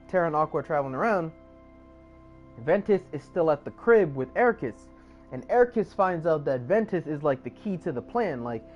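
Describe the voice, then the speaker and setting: A man's voice: fairly high pitch, darkish tone. A man streaming live, recapping a story casually in slangy, profane, rambling talk. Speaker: livestreamer.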